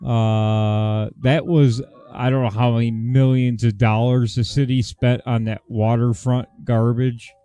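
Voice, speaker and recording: Slow, dark-voiced wry commentator. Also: male voice, medium pitch, little pitch movement, clean tone, no echo. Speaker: host reacting to a video. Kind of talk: casual commentary. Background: faint jazz music.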